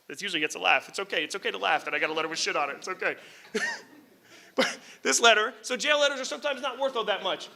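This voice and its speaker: Middle-aged male lawyer from New Jersey for a lecture, high voice with a very bright, tense edge, candid and animated, drops casual swears. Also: fast, gravelly. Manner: animated, candid, swears casually, chuckles at his own remarks. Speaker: lawyer and author giving a book talk. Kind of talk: public lecture storytelling.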